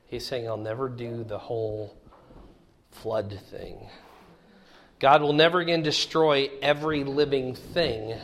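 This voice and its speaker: A man's voice: mid-range voice, a little slow, a bit bright, slight background noise. A middle-aged man teaching a conversational Bible lesson in a folksy way, often checking in with his listeners. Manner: folksy, asks the listeners questions.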